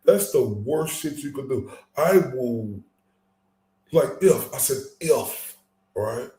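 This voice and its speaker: A man's voice: medium pitch, animated, slow pace, mellow, roomy sound. A man hosting his own channel, giving heated, profane commentary with angry emphasis and frequent stumbling restarts.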